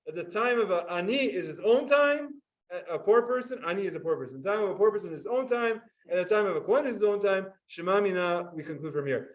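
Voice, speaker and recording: Male teacher with a high voice, leads a study group, explains patiently and quizzes the class. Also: recorded from a distance, rough recording. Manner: explanatory, asks students questions. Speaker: Talmud teacher. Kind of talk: classroom Talmud lesson.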